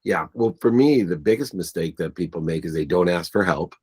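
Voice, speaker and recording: A man's voice: low voice, animated, fairly quick, darkish tone, husky. A man, a business coach, telling emotional family stories in an interview, acting out the voices of relatives and getting choked up at times.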